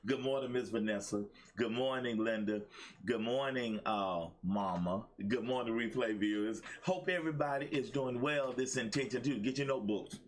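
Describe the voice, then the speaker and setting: A man hosting a live-streamed motivational show, preaching with excitement, repeating his lines for emphasis and greeting viewers by name. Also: medium pitch, normal speed. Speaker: host of a daily motivational show.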